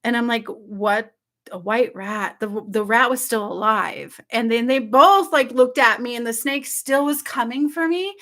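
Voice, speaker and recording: An adult woman recounts a dream to her audience in loose, excited conversation. Her voice sits fairly high with a bright, forward edge. She keeps dropping "like" and asking "okay?" as she goes. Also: normal speed, few pauses. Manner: excited, breathless storytelling with frequent "like" and "okay?". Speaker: spiritual channel host. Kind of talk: casual dream retelling to viewers.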